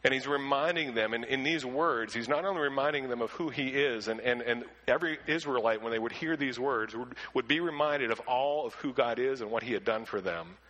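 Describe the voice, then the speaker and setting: A male pastor preaching with a bright, forceful tone at an ordinary middle pitch. He is earnest and often stumbles over repeated words as he begins a thought. When he reads scripture he slows down and stresses each phrase. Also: poor audio. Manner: slows down to read scripture with emphasis. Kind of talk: sermon with scripture reading.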